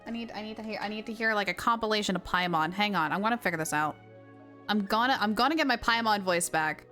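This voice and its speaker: A woman's voice: mid-range voice, fast talker, sharp tone, faint music behind. A young woman streaming a game, chatting casually and self-mockingly with viewers while she plays. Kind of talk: casual live-stream chat while gaming.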